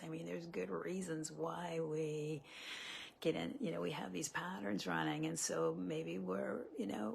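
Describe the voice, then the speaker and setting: Woman relationship coach, low gravelly voice, earnest live chat to viewers, faint hiss behind. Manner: earnest, conversational, many fillers and restarts.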